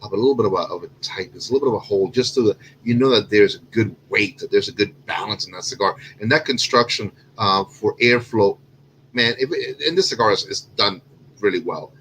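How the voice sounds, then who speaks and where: A man's voice: on the low side, brisk, fairly bright tone, a little hiss or hum, poor audio. Rambling man hosting a cigar chat. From Cuban. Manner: rambling, self-correcting, lots of fillers. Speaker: cigar show host. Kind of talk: casual chat.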